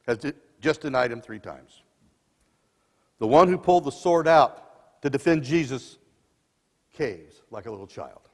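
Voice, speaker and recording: A man in his sixties preaching a sermon as dramatic storytelling, swinging between loud and soft passages, in a church sanctuary. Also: medium pitch, lively intonation, measured pace, long pauses. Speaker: lay preacher. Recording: long church reverb.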